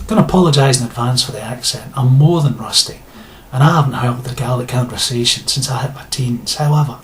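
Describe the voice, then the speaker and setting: A man's voice: medium pitch, moderate pace, fairly bright tone, slight background noise. A man delivering a sarcastic, indignant rant to his viewers, blunt and given to swearing. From Scotland. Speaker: video blogger. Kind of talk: ranting monologue to camera.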